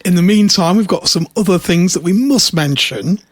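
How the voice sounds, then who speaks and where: A man co-hosting a podcast, chatting and telling stories with a jokey, playful streak. His voice is husky and his pitch bounces around a lot. The sound is dry and close. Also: lively intonation, normal speed, no room sound. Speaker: podcast co-host. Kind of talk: casual chat.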